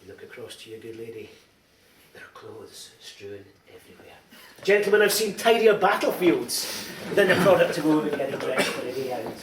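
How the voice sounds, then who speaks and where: A man's voice: on the high side, moderate pace, a crowd in the background. Middle-aged man telling jokes in an echoey hall. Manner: anecdotal, teasing, lively storytelling. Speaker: after-dinner speaker. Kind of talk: after-dinner comic speech. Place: large dining hall. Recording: echoey hall, distant mic, background noise.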